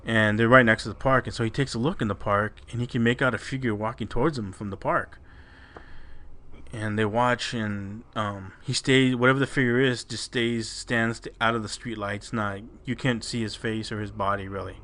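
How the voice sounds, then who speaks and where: A man's voice: fairly low pitch, fairly even intonation, normal speed, fairly bright tone. A man co-hosting a podcast, casually retelling a listener's scary story with swearing and restarts. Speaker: podcast co-host.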